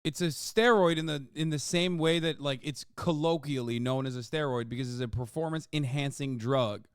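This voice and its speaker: A man streaming a video reaction, joking loudly with profanity as he talks to his chat. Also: mid-range voice, moderate pace, clean tone, dry recording, clean studio sound. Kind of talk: casual livestream reaction talk.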